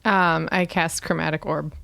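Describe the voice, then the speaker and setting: A woman's voice: deep voice, steady tone, moderate pace, creaky, fairly bright tone. A woman playing a tabletop game, giggly and self-deprecating. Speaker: player. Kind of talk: casual tabletop game play.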